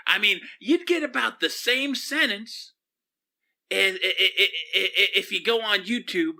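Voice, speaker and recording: A man's voice: sits high, takes it slowly, gravelly, sharp tone, full character voice. A man playing a flippant pop psychologist from Oklahoma who hosts a comedic call-in show, prissy and easily rattled, stammering when callers swear. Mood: smug. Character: flippant middle-aged male pop psychologist radio host.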